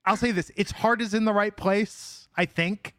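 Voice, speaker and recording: A man's voice: sits high, fairly even intonation, normal speed, a bit bright, dry recording. A man hosting a casual podcast, telling stories with a wry, dry manner. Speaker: podcast host.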